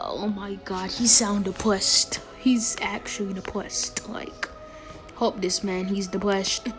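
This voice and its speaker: Woman, game streamer, casual gameplay commentary, playful, teasing, frequent whispers, drawn-out delivery, faint game music behind. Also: medium pitch.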